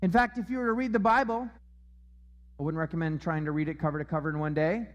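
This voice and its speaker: A man's voice: a little high, fast talker, long reverb tail, muffled recording. A man preaching a sermon as pastor, emphatic and repeating his key phrases. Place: church auditorium.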